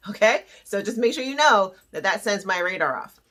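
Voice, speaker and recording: A woman coaching on self-esteem in a playful, theatrical teaching style. Her pitch swoops up and down with a lot of life, and she slips into little acted-out voices for emphasis. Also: lively intonation, fairly quick, fairly bright tone.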